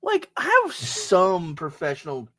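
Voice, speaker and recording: A man co-hosting a wrestling podcast in casual chat, excitable and often stammering through restarts. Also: high-pitched, takes it slowly, no room sound, studio quality. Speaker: podcast co-host.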